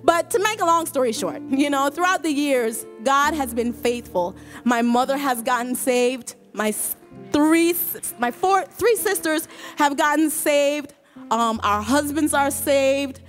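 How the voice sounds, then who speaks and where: A woman with a high, light voice tells her church testimony in an earnest, emotional way. She stumbles, repeats herself and laughs as she goes. Soft worship music plays faintly behind her. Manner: halting, repeats and restarts words, laughs often. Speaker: choir member giving a testimony. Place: church service.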